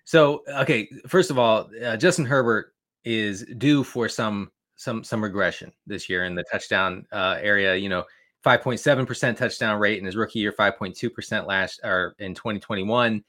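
Stammering, excitable fantasy football guest. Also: male voice, on the low side, moderate pace. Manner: stammering restarts, excitable, joking. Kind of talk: casual chat.

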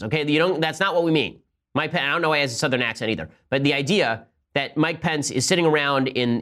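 A male talk show host who speaks at a fast clip in a sarcastic, combative voice. His pitch sits in the middle, and he fires off asides and quick rebuttals in a steady stream. The delivery is pointed and relentless. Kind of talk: fast opinionated commentary with ad read.

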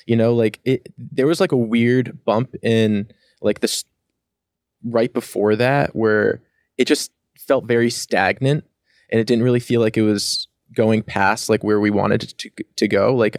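A man as a podcast guest, telling his story in a halting, casual way with many fillers. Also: on the low side, steady tone, a little mellow, dry recording, studio quality. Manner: halting, lots of 'like' fillers.

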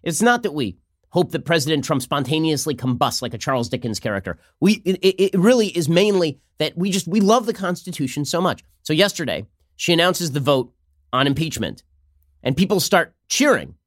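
A man hosting a political commentary show, talking fast with a sarcastic, mocking manner. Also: on the high side, animated, no echo, studio quality. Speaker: host.

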